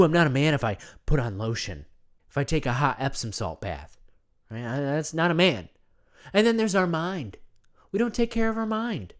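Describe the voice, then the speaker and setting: A man doing an earnest third-person self-care guru. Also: sits high. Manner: talks about himself in the third person; earnest, rambling, repeats himself. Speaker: comedic wellness persona. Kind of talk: comedic character monologue.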